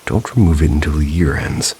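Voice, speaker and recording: A cryptic old village healer woman speaks slow, hushed warnings, as a male storyteller puts her on. The voice stays very deep and gravelly, barely lifted from his own. A soft patter of rain sits faintly behind her. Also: lively intonation, slight background noise.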